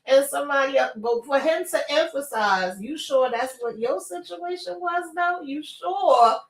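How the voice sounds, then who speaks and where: A woman panelist in a casual live chat, talking in an animated, exclamatory way and acting out quotes. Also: sits high, measured pace, roomy sound, recorded from a distance, low-quality recording.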